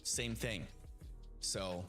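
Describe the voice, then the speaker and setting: A man's voice: on the low side, fairly even intonation, very slow, a bit bright. A man chatting casually to viewers during a live stream, upbeat and greeting people by name. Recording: faint music behind.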